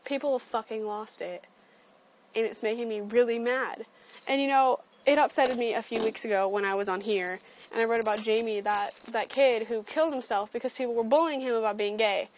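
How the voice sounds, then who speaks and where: A woman's voice: a little high, steady tone, a little fast, a little hiss or hum, low-quality recording. Sarcastic, profane woman ranting on webcam. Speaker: vlogger. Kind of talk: webcam opinion rant. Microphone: computer webcam.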